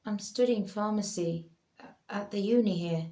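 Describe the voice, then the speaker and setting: A woman's voice: mid-range voice, a little slow, warm tone, close to an everyday voice. A woman voicing a caring young student, earnest and concerned. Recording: roomy echo.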